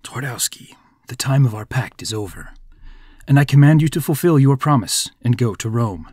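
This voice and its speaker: A man's voice: mid-range voice, lively intonation, normal speed, a little mellow, dry recording, studio quality, natural voice. A man voicing a sly, scheming male devil who speaks in a cold, demanding way in a storytelling podcast.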